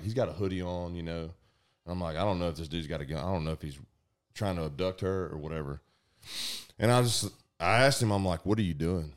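A man with a deep, low voice and a drawl tells a story to a group of friends. His casual telling is loose, profane and animated, and he acts out the shouts and quoted lines in different voices.

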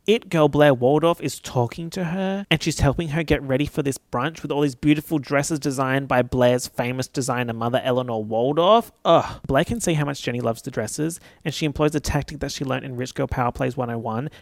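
A man giving a casual recap of a TV episode, animated and sassy, swearing freely and jumping into high squeals. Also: normal speed, hardly any pauses, no echo, clean studio sound. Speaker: TV recap vlogger.

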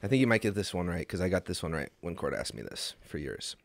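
A man co-hosting a casual trivia game who gets excitable, protests loudly and swears a lot. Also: sits low, quick pace, creaky, dry recording. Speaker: co-host.

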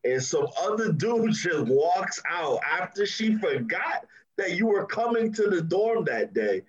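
A man co-hosting a TV review podcast, talking casually in an animated, mocking way and laughing often. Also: sits high, a little slow, highs cut off. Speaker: podcast co-host reviewing a TV episode.

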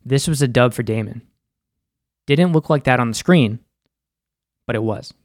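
This young man, a film and TV recap host, speaks at medium pitch and a moderate pace, his voice a little mellow. He breaks down a TV episode in a laid-back, profane way, packed with filler words and "like". The studio-quality recording has no echo.

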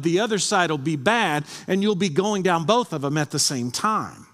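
Animated preaching man in a reverberant hall. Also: fairly high pitch, moderate pace. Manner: earnest preaching, reads scripture aloud. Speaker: pastor. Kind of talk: sermon.

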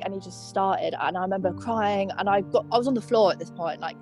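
A young woman, speaking as an interviewee and recounting painful memories in a halting, emotional way with many pauses and fillers. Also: medium pitch, music in the background. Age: young adult. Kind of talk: personal testimony interview.

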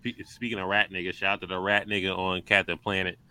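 A man with a bright, ringing voice chats casually with friends on a podcast. He jumps into lively anecdotes and acts out other people's lines along the way. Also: low-pitched, quick pace, smooth, low-quality recording. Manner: animated storytelling, often acting out quotes. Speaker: podcast co-host. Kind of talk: casual roundtable chat.

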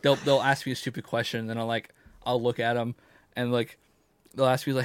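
A man's voice: mid-range voice, little pitch movement, a little fast, smooth, no room sound. A man in his twenties co-hosting a casual podcast, joking crudely and laughing often. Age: 20s. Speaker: podcast co-host. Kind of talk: casual chat.

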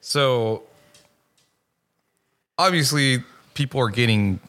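A man's voice: medium pitch, lively intonation, takes it slowly, fairly bright tone. A man hosting a podcast in casual chat, asking questions hesitantly with restarts. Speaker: podcast host.

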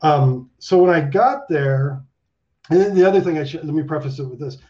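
A man around fifty chats as an interview guest, spinning stories with swearing, laughter and a steady stream of "like". His voice sits a little high for a man. The recording is dull and lo-fi. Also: fairly quick. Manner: animated, swearing storyteller full of likes and laughs. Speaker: guest animator. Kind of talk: casual interview chat. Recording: dull lo-fi sound.

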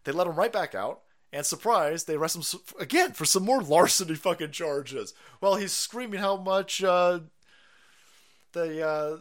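A man's voice: fairly high pitch, lively intonation, moderate pace, fairly bright tone. A man ranting on a live stream, sarcastic and profane, who often laughs at his own jokes. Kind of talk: profane political rant.

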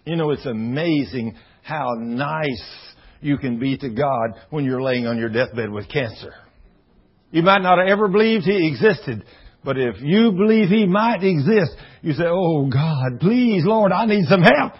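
A man preaching a folksy sermon with a somewhat high, husky voice. He tells stories and acts out every part of the dialogue in shifting voices. The recording is dull and lo-fi. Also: animated, measured pace. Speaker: pastor.

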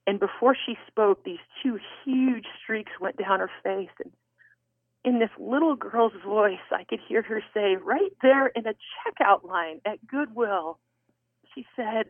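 A woman guest author telling a personal story in an interview, animated and expressive. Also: mid-range voice, a little slow, dry recording. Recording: tinny phone line.

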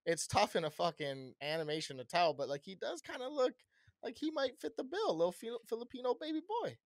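A man's voice: sits high, very animated, fairly quick, no echo. A young American man co-hosting a podcast, telling loose, profane stories in casual chat on a close mic. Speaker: podcast co-host.

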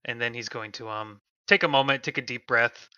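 Calm, bright-voiced male player. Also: mid-range voice, fairly quick, clean tone, no room sound, dull audio. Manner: calm, polite in character. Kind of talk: playing a tabletop game in character.

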